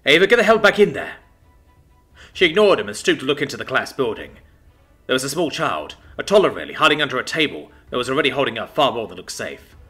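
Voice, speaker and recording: A man's voice: medium pitch, sing-song, fast talker, pushed and bright, soft background music. A man narrating a sci-fi story in a dramatic, scripted storytelling style.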